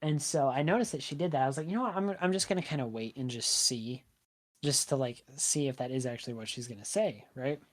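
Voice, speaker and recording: A man chatting casually as a podcast guest, telling stories in an animated way and leaning on "like" and "right?". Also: medium pitch, fast talker.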